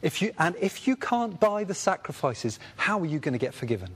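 Husky-voiced man teaching a Bible study. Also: a little high, a little fast. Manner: animated, acts out the voices of people in the story.

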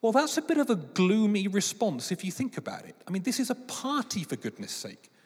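A man, preaching a sermon with lively storytelling and playful voices. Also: sits high, brisk, breathy edge. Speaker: pastor. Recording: long reverb of a large hall.

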